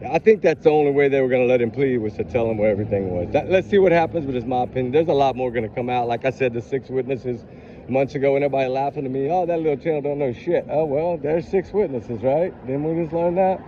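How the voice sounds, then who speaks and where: Pacing a grocery store parking lot, this true crime host vents his anger directly at his viewers in a casual ranting vlog. His mid-range voice is warm and quick, and he sounds thoroughly fired up. The recording is dull and carries a faint hiss or hum.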